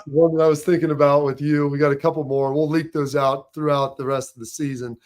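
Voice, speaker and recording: A man's voice: a little high, level tone, brisk, darkish tone. A man hosting a sports talk show, chatting casually and reading sponsor spots in an upbeat way.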